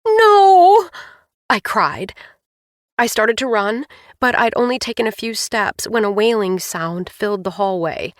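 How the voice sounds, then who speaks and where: A woman's voice: medium pitch, dry recording, studio quality. Emotive woman narrating a novel. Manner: emotive, expressive reading. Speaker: audiobook narrator. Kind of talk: first-person novel narration.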